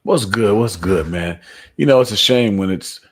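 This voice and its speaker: A man with a low voice chats casually as co-host of a sports talk show. His manner is relaxed and joking. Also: moderate pace. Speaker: podcast co-host. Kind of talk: casual chat.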